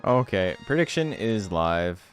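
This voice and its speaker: A man's voice: sits low, very animated, measured pace, clean tone, soft background music. A young man streaming a game, ranting sarcastically in casual chat, swearing and laughing often.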